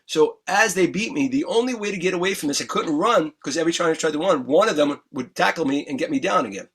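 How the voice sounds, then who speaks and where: A middle-aged man, his voice a little husky and pitched somewhat high for a man. He tells his story earnestly and with emphasis, coming back to key words again and again, in a candid interview. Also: fast, fairly bright tone. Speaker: guest musician. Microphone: remote interview mic.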